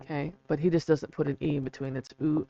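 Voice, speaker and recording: A video host in a casual explainer reads passages aloud, spells out words letter by letter, and chuckles through chatty, self-deprecating asides. His mid-range voice is level, creaky and mellow, and he talks fast. The audio sounds dull.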